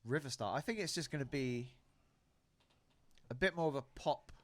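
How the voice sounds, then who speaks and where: A man's voice: medium pitch, normal speed, dry recording. A British man co-hosting a podcast, talking music in an easygoing, enthusiastic, slangy way. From Britain. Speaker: podcast co-host. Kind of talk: casual chat.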